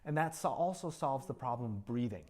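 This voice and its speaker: A man's voice: mid-range voice, expressive, fairly quick, darkish tone. Man, composition teacher, encouraging, sings rhythms aloud, music school rehearsal room. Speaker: composition master class teacher. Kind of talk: coaching a student composer at a rehearsal.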